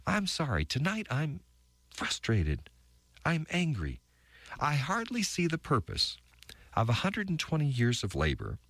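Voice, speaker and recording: A man voicing the weary, bitter wife of an ark builder, reading her diary entries with halting, stammered restarts. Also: a little high, huge pitch swings, fairly bright tone, no room sound, exaggerated voice. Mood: frustrated.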